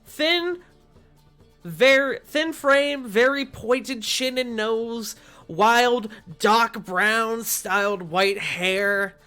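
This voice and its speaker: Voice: mid-range voice, drawn-out words, bright, forceful tone, smooth. Brief: easygoing game master, loose narration with fillers, faint music behind. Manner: casual, laughing, filler-heavy narration.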